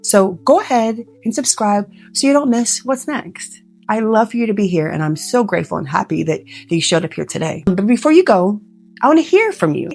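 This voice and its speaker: A woman, a professional organizer, giving earnest, emotional and gently reassuring advice straight to the viewer. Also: medium pitch, husky. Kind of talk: heartfelt direct-to-camera advice.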